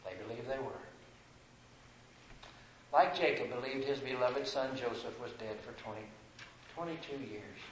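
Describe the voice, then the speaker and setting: Fervent preacher in an echoey hall. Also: male voice, mid-range voice, normal speed, long pauses, a little hiss or hum. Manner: fervent preaching that swells to loud emphatic passages. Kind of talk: sermon.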